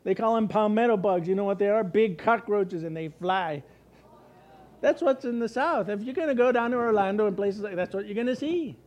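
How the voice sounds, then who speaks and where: High-voiced, animated American pastor preaching. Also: male voice, fairly quick, lo-fi sound. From United States. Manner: animated, asks and answers his own questions, acts out worried voices. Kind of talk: sermon.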